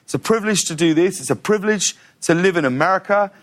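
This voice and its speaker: A middle-aged man chats as an interview guest, swinging between laughter and hushed, earnest telling. His voice sits a bit high for a man, and his stories move quickly. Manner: animated, laughing storyteller. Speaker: talk show host, guest. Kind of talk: casual interview storytelling.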